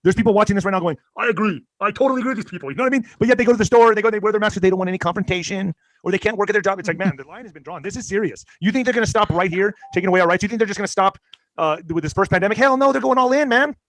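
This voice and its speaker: A man's voice: high voice, very fast, fairly bright tone, no room sound. A man on a live-stream round table, ranting in an impassioned, profane way. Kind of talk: heated live-stream rant.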